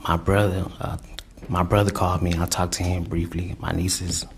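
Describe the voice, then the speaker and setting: A man testifying in court, telling his story in a rambling, halting way full of fillers and restarts. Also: sits low, little pitch movement, a little hiss or hum. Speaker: defendant testifying.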